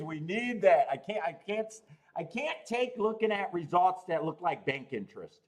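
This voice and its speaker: A man's voice: sits high, lively intonation, normal speed. A man hosting a live stream, worked up and ranting, pleading, swearing and laughing as he talks. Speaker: host. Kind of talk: live-stream chat rant.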